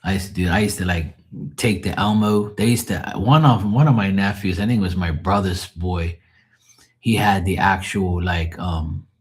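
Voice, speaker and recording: A man with a deep, husky voice chatting loosely on a live stream. He tells rambling stories full of swearing and chuckles, with a rough, breathy edge to his speech. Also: normal speed. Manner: profane, storytelling, chuckling. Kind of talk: casual rambling chat.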